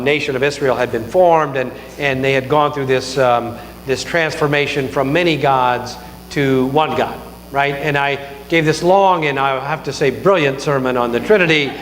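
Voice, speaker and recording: A male pastor delivers a conversational sermon into a microphone in church, joking around and poking fun at himself. His voice is mid-range, with slight background noise, and the echoey hall adds long reverb.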